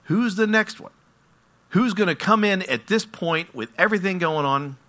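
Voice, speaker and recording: Animated, bright-voiced male preacher. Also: sits high, normal speed. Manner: animated, asks the audience questions. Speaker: pastor. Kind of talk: sermon.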